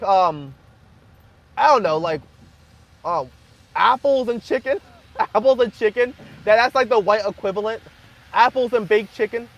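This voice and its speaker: A young man hosting a casual livestream, joking crudely and half-yelling to be heard over loud background noise. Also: extremely high pitch, highs cut off. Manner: crude joking, frequent laughter. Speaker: livestream host. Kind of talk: casual livestream chat with viewers.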